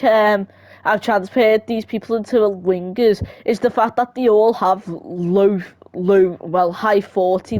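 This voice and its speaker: A woman's voice: medium pitch, a little mellow, dry recording. A woman casually commentating on her football management game, rambling and self-mocking. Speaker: gamer.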